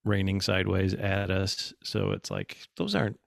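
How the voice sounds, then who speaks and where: Casual podcast guest, man, gravelly and low, dry close mic. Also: normal speed, no room sound. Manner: animated storyteller, acts out quotes. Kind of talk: casual chat.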